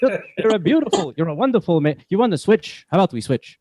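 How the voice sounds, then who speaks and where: A man voicing a whiny little old Hebrew slave with a Yiddish-inflected accent, kvetching in stammering rapid questions over a video call. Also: sits high, very animated, mellow, a little hiss or hum, voice pushed up. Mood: flattering.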